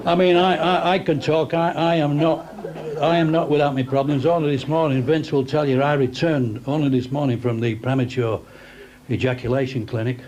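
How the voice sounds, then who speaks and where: A man's voice: on the high side, fairly even intonation, normal speed, a little mellow. A man giving a comic after-dinner speech, telling bawdy stories with stammering restarts. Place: crowded dinner hall. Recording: noisy banquet room with crowd.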